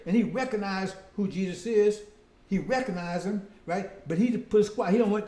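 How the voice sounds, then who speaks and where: High-voiced preacher in an echoey room. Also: male voice, normal speed, mellow. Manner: repetitive, keeps asking "see?" and "right?"; addresses "brothers and sisters". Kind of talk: sermon. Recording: roomy echo.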